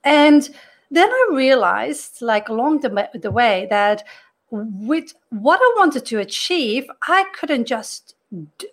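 A woman's voice: on the high side, sing-song, slow. A middle-aged woman whose first language is not English, a career coach talking earnestly through a personal story in a podcast monologue, with frequent restarts.

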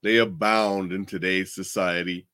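A man's voice: sits low, fairly even intonation, unhurried, sharp tone. A man hosting a casual chat, telling stories in a blunt, plainspoken way from his home desk. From Montana, United States. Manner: plainspoken, blunt, chatty storytelling. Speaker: host.

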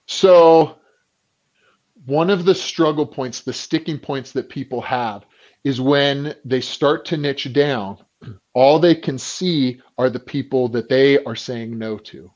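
A man talking as a business coach in a casual podcast conversation, acting out the people he quotes and often clearing his throat. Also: mid-range voice, slow pace, muffled recording. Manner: animated storyteller who acts out quoted people.

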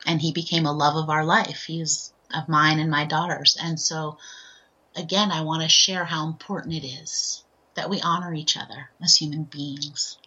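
On a podcast, a guest who is an author and transformational speaker earnestly recounts a heartfelt personal story, her low voice still sounding bright, forceful, and slightly husky. She keeps a level tone and often pauses on "right?", with dull, lo-fi audio.

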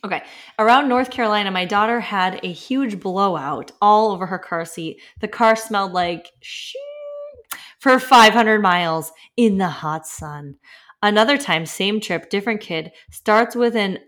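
A chatty woman in her thirties hosts a casual podcast, reading listener stories aloud. She breaks in with lively asides and laughs often as she goes. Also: medium pitch. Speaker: podcast host.

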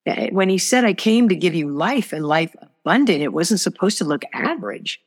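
A woman's voice: on the low side, sing-song, moderate pace, slightly rough, big-room sound. A woman speaking as a guest author in a faith conversation, earnest and emphatic in how she talks.

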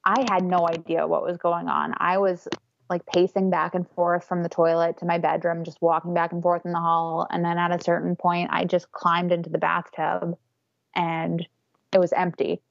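A woman's voice: on the low side, completely flat delivery, normal speed, gravelly, no room sound, muffled recording. A young woman casually telling a candid story, often laughing as she talks. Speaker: guest telling her birth story. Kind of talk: casual conversation.

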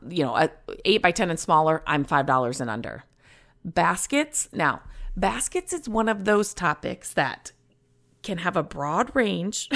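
A woman's voice: deep voice, fairly bright tone. A woman hosting her own show, chatting casually and rambling, with many fillers, restarts and easy laughs. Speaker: podcast host. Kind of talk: casual solo chat.

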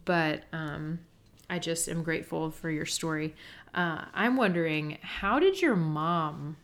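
Low-voiced woman asking gentle questions. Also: expressive, unhurried. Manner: gentle questioning, many fillers. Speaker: podcast co-host. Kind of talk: faith podcast conversation.

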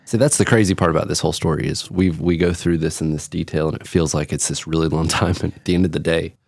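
A man with a very deep, gravelly voice who co-hosts an interview, asking follow-up questions and reflecting on what he hears. His voice sounds dry and close to the mic. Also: fairly even intonation, fast, darkish tone, dry recording. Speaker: podcast co-host. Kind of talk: conversational interview.

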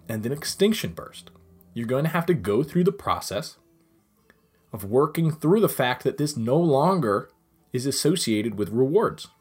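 A young adult man who trains dogs and hosts a podcast, explaining things in a lively way and repeating phrases for emphasis. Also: mid-range voice, breathy edge. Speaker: dog trainer and podcast host. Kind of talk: solo podcast monologue.

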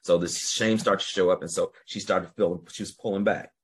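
A podcast host tells a long story in a low, slightly husky voice. He rambles, restarts his sentences and swears freely as he goes. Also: fairly even intonation, brisk. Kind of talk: casual storytelling.

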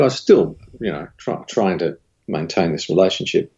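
An Australian studio owner and creative director tells a candid story as a guest in a casual interview, speaking at normal speed in a creaky, slightly rough voice. When he recounts dialogue his pitch rises animatedly. The audio is dull.

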